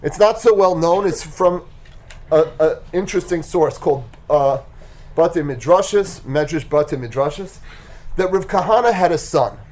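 A man teaching a Torah class, retelling a story with animated, emphatic delivery. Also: on the high side, moderate pace.

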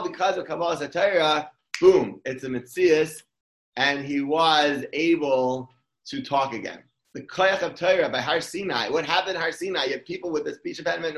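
A man's voice: fairly high pitch, a bit bright. Man giving a Torah talk in an echoey room. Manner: conversational, with frequent restarts. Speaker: Torah speaker.

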